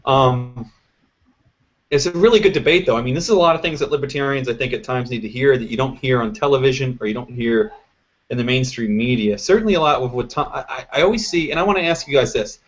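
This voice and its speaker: A man's voice: mid-range voice, fast talker. A man hosting a live political panel show, talking in an opinionated, emphatic and rambling way. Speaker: show host. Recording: lo-fi web stream audio.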